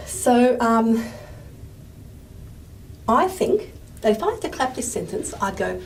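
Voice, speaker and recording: A woman's voice: fairly high pitch, normal speed, long pauses, noisy background. A woman giving a pre-recorded linguistics lecture, thinking aloud and dropping to a murmur as she writes on the board. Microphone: microphone she wears.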